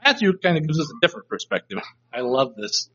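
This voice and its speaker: A man's voice: on the high side, sing-song, fast, fairly bright tone, a little hiss or hum. A man teaching a Bible study class, reflective and reading verses aloud to try out different inflections, in a dull lo-fi recording. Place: room with a live class.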